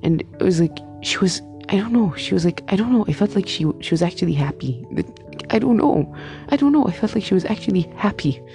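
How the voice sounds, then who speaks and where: A young woman in her twenties tells a story in a casual vlog, rambling and emphatic, tripping over fillers and restarting her sentences. Her voice is dark and mellow with a gravelly fry running through it. Faint music plays underneath. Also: mid-range voice, animated, fairly quick. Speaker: medical student.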